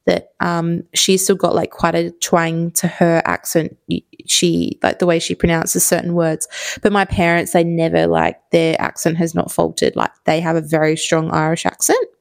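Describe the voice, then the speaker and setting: Australian woman in her thirties, podcast host, low-ish voice with vocal fry, dry close sound, chatty and loose. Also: no echo. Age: 30s. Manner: chatty, rambling, many fillers. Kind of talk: casual solo storytelling.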